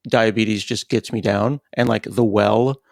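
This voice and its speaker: Male podcast host, gravelly voice, candid and probing, dry close mic. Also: on the low side, steady tone, unhurried, dry recording. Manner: candid, personal, asks probing questions. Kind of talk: casual interview.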